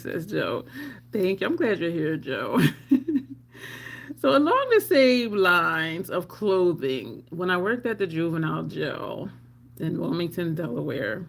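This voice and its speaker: A middle-aged woman telling personal stories casually on a live stream. She is animated, laughs often, and acts out her own lines. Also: on the low side, takes it slowly, creaky. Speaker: livestream storyteller.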